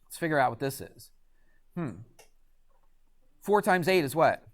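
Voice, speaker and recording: A man's voice: fairly high pitch, lively intonation, a little slow. A man teaching a math class in a classroom, chatty and quizzing students with frequent questions. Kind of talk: classroom lecture.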